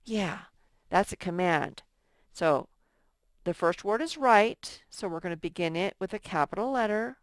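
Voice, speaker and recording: A middle-aged woman teaching a lesson to young children, reading example sentences in a slow, sing-song way. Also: mid-range voice, expressive, no echo.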